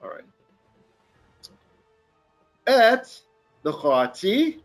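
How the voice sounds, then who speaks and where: A man teaching a Torah lesson in an animated, jokey way, often checking in with his listeners. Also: high-pitched, extremely slow, faint music behind. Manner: animated, jokey teaching with frequent "right?" asides. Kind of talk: live-streamed Bible lesson. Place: Philippines.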